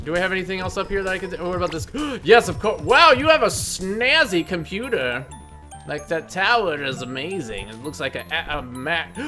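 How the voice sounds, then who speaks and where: A man hosting a let's play, joking and breaking into loud excited outbursts as he plays. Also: sits high, brisk, faint music behind. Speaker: gaming video host.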